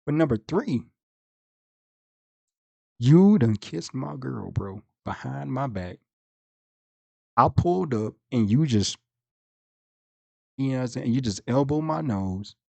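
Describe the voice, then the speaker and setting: A man's voice: mid-range voice, animated, takes it slowly, creaky, pauses often, a little mellow, no echo. A man hosting a reaction video who comments casually and talks in a blunt, profane way.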